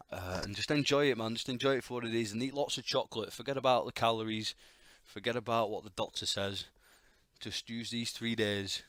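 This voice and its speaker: A man's voice: lowish voice, fairly bright tone, no echo, clean studio sound. A middle-aged man with a Northern English accent, hosting a solo podcast in a rambling, opinionated way, full of fillers and restarts. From North of England. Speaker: podcast host. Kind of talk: casual solo podcast monologue. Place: quiet home room.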